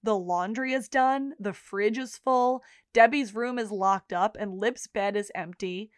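A woman's voice: mid-range voice, a little slow, smooth, no room sound, clean studio sound. A woman co-hosting a podcast, casually recapping TV scenes and acting out the characters' lines, with some swearing. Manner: retells scenes with quoted dialogue, swears casually. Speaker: podcast co-host.

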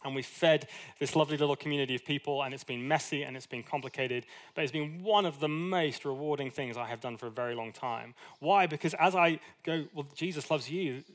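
A man preaching a sermon in a conversational, animated way, with asides and little acted quotes. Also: fairly high pitch, brisk, few pauses. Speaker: pastor.

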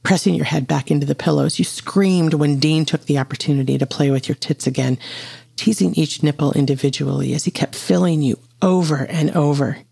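A storyteller reading an intimate audio story aloud in a slow, steady way. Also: mid-range voice, creaky, slightly rough, no echo. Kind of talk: scripted narration of an audio story.

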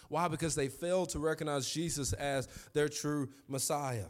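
Male pastor, 30s, animated sermon storyteller with a slightly higher voice. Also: moderate pace, faint music behind.

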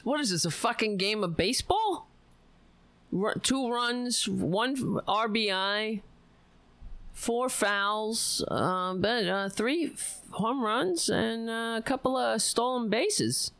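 A woman's voice: mid-range voice, expressive, slow pace, a bit bright, dry recording. A woman hosting a livestream, ranting about politics on a close mic, profane and sarcastic. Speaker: livestream host. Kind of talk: casual political rant.

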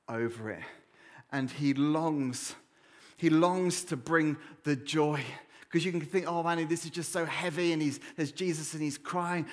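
A man preaches a sermon in church. His voice sits a little higher than most men's. He leans on dramatic pauses and drops to a low hush on the words that matter most. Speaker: pastor.

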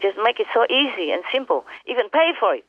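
A fast-talking woman with a fairly high voice and wide swings in pitch leads a phone call with her disciples. As their spiritual teacher, she presses her message with passion and emphasis, circling back to repeat herself over a tinny line.

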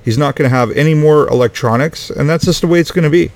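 A man's voice: on the high side, fast talker, a little mellow. A middle-aged man telling a family story in a rambling, casual way, swearing often and sounding exasperated.

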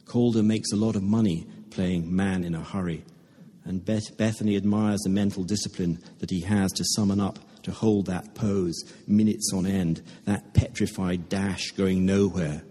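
A man reading a story aloud to a live audience, in a measured, understated way. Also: sits low, fairly even intonation, mellow, husky. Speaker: reader at a literary reading. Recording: echoey hall with long reverb.

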